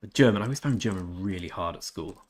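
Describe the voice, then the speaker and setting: A man streaming a game, chatting casually with viewers, reading out their messages and stumbling through German phrases. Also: low-pitched. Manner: chatty, reads out and answers viewer chat, halting German attempts. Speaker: gaming streamer. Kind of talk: casual live-stream chat.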